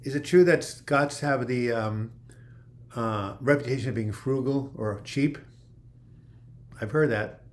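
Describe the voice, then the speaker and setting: A man's voice: mid-range voice, a little slow, long pauses. Chatty man answering viewer comments. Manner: reads viewer comments aloud and answers them in a loose, chatty way; rambling, with frequent "you know" and restarts. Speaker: livestream host. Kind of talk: casual livestream Q&A.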